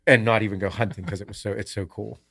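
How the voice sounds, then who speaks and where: A podcast host telling a casual story in a profane, rambling way. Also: male voice, on the low side, steady tone, fast talker, creaky, fairly bright tone. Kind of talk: casual chat.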